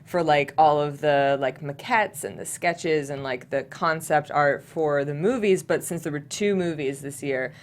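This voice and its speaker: A woman's voice: low voice, measured pace, few pauses. A woman co-hosting a podcast, telling stories in easygoing casual chat. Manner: easygoing storytelling, laughing asides. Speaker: podcast co-host.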